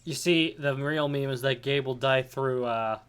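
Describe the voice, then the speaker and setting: Male co-host, bright tone, hesitant delivery full of fillers. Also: medium pitch, smooth. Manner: hesitant, halting with many "uh"s. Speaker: commentary co-host. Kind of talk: casual let's-play banter.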